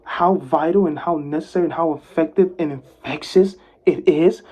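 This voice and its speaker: A man giving a motivational talk to camera, swinging from loud, animated bursts to soft, hushed calm as he moves toward and away from the camera. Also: fairly high pitch, normal speed. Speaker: vlogger giving advice. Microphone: camera mic, speaker moving closer and farther.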